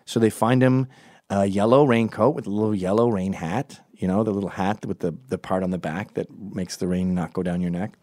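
A man with an American accent telling comic stories in a rambling, digressive way with deadpan asides. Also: deep voice, brisk, no room sound, studio quality. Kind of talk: comedic storytelling monologue.

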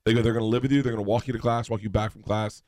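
A man telling a comedic story as a podcast guest, animated and laughing as he goes. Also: fairly low pitch, racing. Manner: animated, laughs through his own story.

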